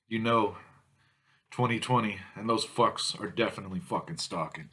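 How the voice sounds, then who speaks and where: A man's voice: on the low side, moderate pace, sharp tone, husky. Foul-mouthed man ranting at viewers. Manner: angry, foul-mouthed, insulting. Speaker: malt liquor drinking vlogger. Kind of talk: profane ranting vlog.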